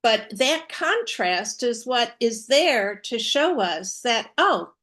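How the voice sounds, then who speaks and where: A woman co-hosts a live spiritual talk show. She teaches slowly and earnestly, leaning on repeated words for emphasis. Her voice sits a little high. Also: very animated, a bit bright. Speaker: co-host.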